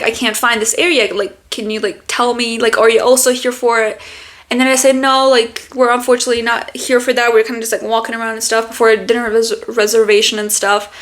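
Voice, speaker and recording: A young woman from Germany with German as her first language tells a casual story at a slightly high pitch. She rambles with constant fillers and swearing. She is the host of a podcast. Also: a bit bright.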